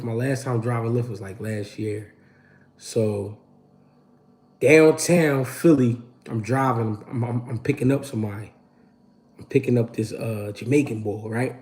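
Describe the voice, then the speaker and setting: A man's voice: medium pitch, a little mellow. A man, hosting his channel and telling a story to a live audience in a casual, slangy and profane way, acting out the quotes. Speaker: channel host.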